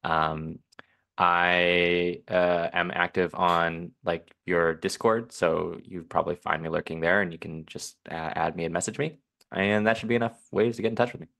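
A man with a low, gravelly voice breaks down poker hands as a guest coach. He talks in a relaxed, analytical way, slightly tired and casual. There is a rough fry under his words. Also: normal speed.

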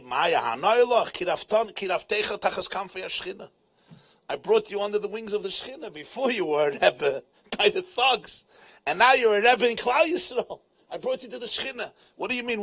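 A man with a husky, somewhat high voice, speaking as a rabbi before a live audience in a large tent. He retells a Talmud story dramatically, his pitch swinging widely and his emphasis sometimes rising to shouts.

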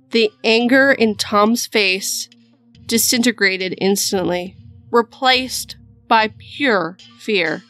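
A woman host reading a horror story aloud in a measured, dramatic storytelling style. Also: medium pitch, a bit bright, no room sound, soft background music. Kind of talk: scripted horror narration.

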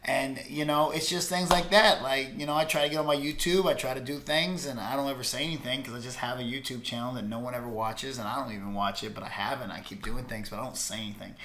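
A man's voice: mid-range voice, steady tone, fast, few pauses, pushed and bright. A man bantering casually in a boastful wrestling persona, mock-serious and laughing often. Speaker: co-host, wrestling character. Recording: roomy echo.

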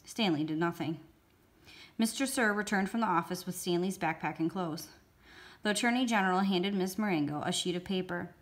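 A woman storyteller reading a novel aloud in a steady, expressive way. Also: fairly low pitch, fairly quick. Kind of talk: read-aloud book narration.

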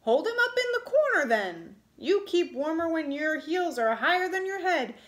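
A woman's voice: very high voice, very animated, moderate pace, fairly bright tone, pitched above the performer's own voice, full character voice. A woman reading aloud, voicing a fiery, bossy little man who roars orders at the boys. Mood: bossy, roaring. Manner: roaring, barking orders. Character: bossy fiery little male Christmas sprite.

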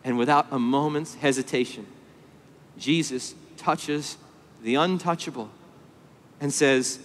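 A man preaching a sermon at a conference, swinging between hushed tenderness and loud, stirring emphasis. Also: mid-range voice, unhurried, pauses often, a little hiss or hum. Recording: long hall reverb.

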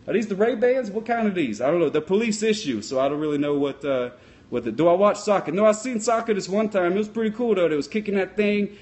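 A boastful, dim-witted sock-puppet policeman, voiced by a man, rambles through answers. His voice sits a bit high, full of goofy bravado. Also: expressive, fast, darkish tone. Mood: rambling. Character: dopey, boastful male sock-puppet cop. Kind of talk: comic puppet Q&A.

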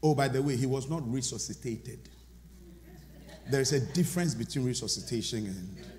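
A man preaching a sermon as pastor, swinging from loud shouted lines to hushed asides. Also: medium pitch, fairly quick, crowd noise. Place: large church sanctuary. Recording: long church reverb.

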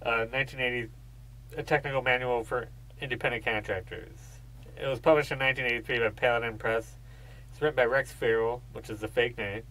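A man's voice: mid-range voice, steady tone, fairly quick, bright, forceful tone, rough recording. A man co-hosting a podcast in casual chat, rambling through stories, swearing freely and laughing as he talks. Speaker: podcast co-host.

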